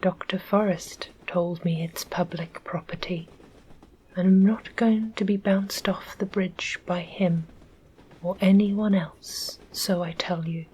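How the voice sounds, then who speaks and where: A woman's voice: fairly low pitch, fairly even intonation, slow, a little mellow, husky, rough recording. A woman with an English accent voicing a stubborn, indignant young boy in whispered role-play, speaking insistently. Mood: defiant. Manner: defiant, insistent.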